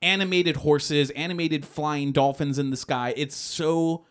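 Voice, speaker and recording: A man in casual chat, rambling excitedly through a film story with filler words and swearing. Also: a little high, unhurried.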